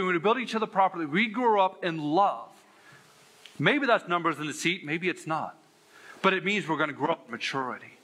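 A man's voice: sits high, pushed and bright. A man pastor preaching a sermon, telling a candid, self-deprecating story with earnest emphasis. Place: church sanctuary.

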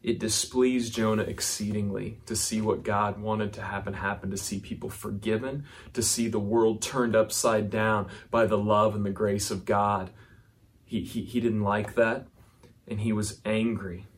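A man's voice: on the low side, level tone, a little slow. A man, a pastor, preaching a sermon to viewers at home: he reads scripture, adds casual asides and ends in prayer, talking conversationally with frequent restarts. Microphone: speaking to a camera for viewers at home.

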